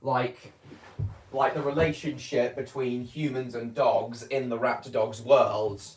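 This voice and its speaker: A vlogger speaks at a slightly slow pace in a medium-pitched, fairly even and somewhat mellow voice, recorded in a room with noticeable echo. His casual home-video chat wanders, full of hesitations, fillers and false starts.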